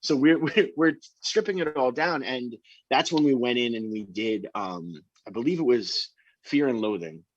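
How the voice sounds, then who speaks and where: A band member telling an animated story in an interview, talking excitedly about recording. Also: male voice, medium pitch, normal speed, dull audio.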